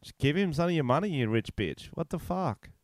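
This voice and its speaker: A man's voice: fairly high pitch, lively intonation, fairly quick, no echo. A man co-hosting a comedy podcast over a video call, crude and playful, trading jokes and trash talk. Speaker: podcast co-host. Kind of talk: casual comedy chat.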